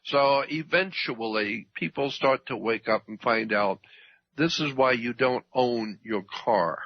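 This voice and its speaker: Husky, emphatic man on talk radio. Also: mid-range voice, measured pace, no room sound. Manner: emphatic, repeats points, clears throat often. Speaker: radio guest. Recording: dull dry radio audio.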